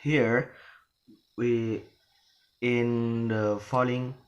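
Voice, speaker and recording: A man giving a halting classroom presentation on English pronunciation, full of restarts and fillers. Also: mid-range voice, little pitch movement, highs cut off.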